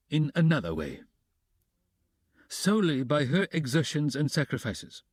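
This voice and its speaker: Man reading pompous middle-aged gentleman, formal and precise, mid-pitched, dry close sound. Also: no echo. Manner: formal, precise, self-important. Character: stiff pompous middle-aged male suitor.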